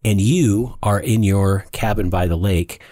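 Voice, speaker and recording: A man's voice: lowish voice, a little slow, warm tone, no echo. A man co-hosting a podcast in casual talk, earnest and emphatic, often repeating his words. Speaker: podcast co-host.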